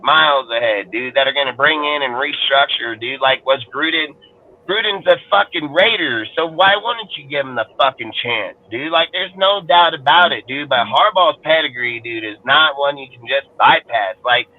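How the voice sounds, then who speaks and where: A man's voice: mid-range voice, moderate pace, narrow, tinny audio, a little hiss or hum. A man with a Californian accent ranting angrily about football on a fan panel show, swearing constantly and restarting his sentences. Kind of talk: heated profane sports rant.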